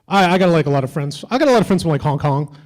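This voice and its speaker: Edgy stand-up comedian, man, higher voice. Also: animated, rapid-fire, darkish tone, low-quality recording. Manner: edgy, teasing banter with the crowd. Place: stage at a fan convention.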